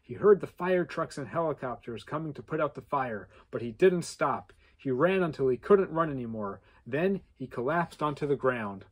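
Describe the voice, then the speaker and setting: A man reading a contest story aloud with animated delivery and playful asides. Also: mid-range voice, moderate pace, few pauses, slightly rough. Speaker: contest entry reader.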